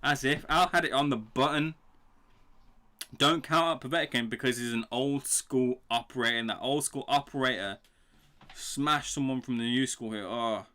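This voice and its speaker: A young man hosting a live boxing reaction stream, excitable and swearing freely while he talks to his chat. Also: medium pitch, normal speed. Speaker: livestream boxing reaction host.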